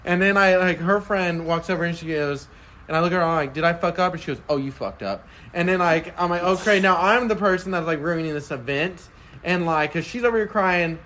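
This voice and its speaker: A man's voice: high-pitched, fairly quick, pushed and bright, slight background noise. A young man on a casual podcast, telling a long story in a loose, rambling way, full of "like" and laughs.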